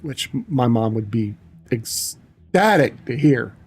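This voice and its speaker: A man's voice: mid-range voice, very animated, slow pace, darkish tone, husky. A middle-aged man chatting casually on a livestream, telling rambling, profane stories. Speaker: livestream host. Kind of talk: casual chat.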